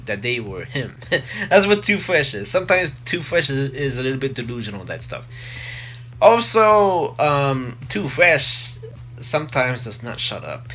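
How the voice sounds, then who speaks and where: Young man, casual vlog talk, bright voice, rambling, close mic. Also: medium pitch, big pitch swings, unhurried, soft background music. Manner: rambling, many fillers and restarts. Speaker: vlogger. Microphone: close desk mic.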